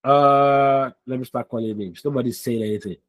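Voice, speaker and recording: A man's voice: mid-range voice, steady tone, normal speed, no echo. Man teaching a live online class. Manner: coaxing, repeats names and prompts. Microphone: video call.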